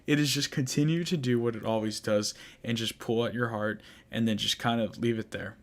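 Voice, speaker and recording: A man's voice: mid-range voice, fairly even intonation, brisk, few pauses. A young man hosting a podcast, recapping an anime in a rambling, frustrated casual monologue full of fillers. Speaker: podcast host.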